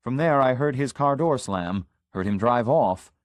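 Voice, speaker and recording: A man narrating a literary short story in the first person, measured and reflective. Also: medium pitch, lively intonation, no echo. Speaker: audiobook narrator.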